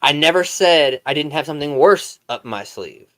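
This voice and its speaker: A man's voice: a little high, expressive, moderate pace, fairly bright tone. A man hosting a commentary video, making sarcastic, incredulous remarks about a clip.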